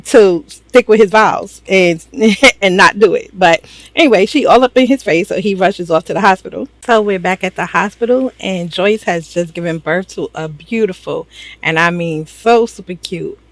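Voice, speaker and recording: A woman's voice: fairly low pitch, moderate pace, no echo. Chatty gossiping woman recapping drama. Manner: chatty, gossipy, laughs often; slangy, talks straight to viewers. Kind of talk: casual episode recap.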